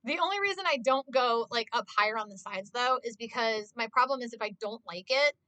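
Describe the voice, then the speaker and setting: A woman streamer chats freely with her viewers in a casual live stream, swearing often and saying "like" constantly. Her voice is on the high side and sharp, fairly quick, in a dry recording.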